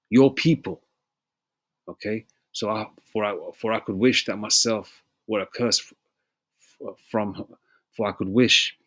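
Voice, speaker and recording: A man preaching an informal sermon, reading verses slowly and pausing to ask "you know?" and "okay?" again and again, with throat clearing between passages. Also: fairly low pitch, a bit bright. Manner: emphatic, repeats "you know?" and "okay?" often.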